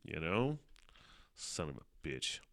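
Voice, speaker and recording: A man's voice: a bass voice, big pitch swings, takes it slowly. A man hosting a podcast alone, telling a rambling, swear-heavy story and laughing often as he goes. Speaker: podcast host. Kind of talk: casual solo storytelling.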